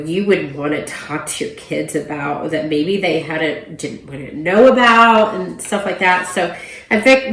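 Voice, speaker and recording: Chatty woman with a low voice. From Oklahoma, USA. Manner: chatty, many ums and you-knows. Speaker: book reviewer. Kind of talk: casual book review chat. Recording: roomy echo.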